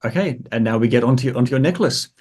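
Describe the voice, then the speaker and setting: A man hosting a podcast, asking questions in a halting way with repeated words. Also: medium pitch, lively intonation, darkish tone, husky. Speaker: podcast host and interviewer. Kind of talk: interview questions.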